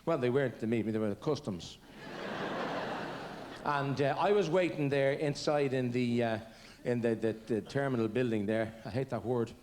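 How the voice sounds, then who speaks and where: Irish comedian telling rambling stories. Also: male voice, mid-range voice, moderate pace, a little mellow, slight background noise. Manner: rambling, self-mocking storytelling. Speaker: stand-up comedian. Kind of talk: live stand-up comedy.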